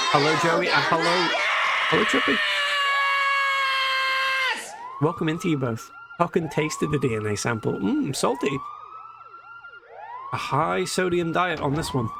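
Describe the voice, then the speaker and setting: A man's voice: fairly high pitch, gravelly, very noisy. A man chatting and joking while streaming a video game, reading its text aloud. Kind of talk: casual live-stream gameplay chat. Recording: game music and siren alarm behind.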